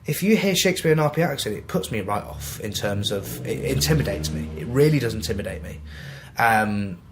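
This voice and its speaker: This medium-pitched, creaky voice moves briskly over some background noise. It belongs to a young man from Manchester, England, a podcast guest and actor, who tells casual stories in a lively way and performs the quoted lines.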